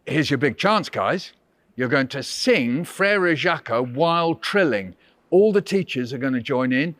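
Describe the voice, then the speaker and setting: A man's voice: on the high side, lively intonation, unhurried, fairly bright tone, no echo. A man, a visiting author, running a playful storytelling workshop for children and coaxing them with questions.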